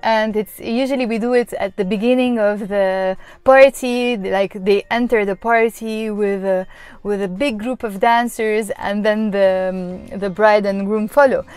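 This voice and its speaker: A Lebanese woman with a Lebanese accent, teaching a casual vlog lesson and breaking phrases down slowly from a car. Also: mid-range voice, fairly even intonation, a little mellow, clean tone, no echo, soft background music. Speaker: Arabic language teacher. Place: in a car on a road trip.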